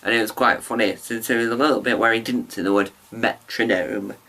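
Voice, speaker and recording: A man's voice: on the low side, steady tone, brisk, sharp tone. A man chatting casually into his camera mic as he reviews a show, rambling with ums and restarts.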